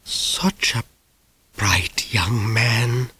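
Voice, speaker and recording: A man voicing a smooth, menacing middle-aged doctor in a soft, breathy whisper. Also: fairly high pitch, lively intonation, slow pace, no echo. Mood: silky menace.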